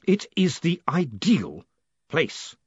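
A man voicing a cold, commanding male city ruler who speaks in a measured, precise, quietly menacing way. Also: on the high side, wildly swooping pitch, slightly rough, dull audio, voice pushed up, heavily acted. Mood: cold calm.

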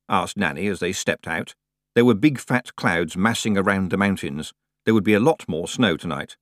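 A man narrating a story in a scripted, expressive storytelling delivery. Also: low-pitched, normal speed, no echo, clean studio sound. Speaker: audiobook narrator.

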